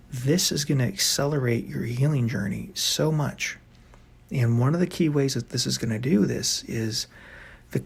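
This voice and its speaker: A man's voice: mid-range voice, gravelly, slightly rough. A man giving earnest relationship advice as a coach, talking in a loose, rambling way. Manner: earnest, rambling with many "you know"s. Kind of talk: advice monologue.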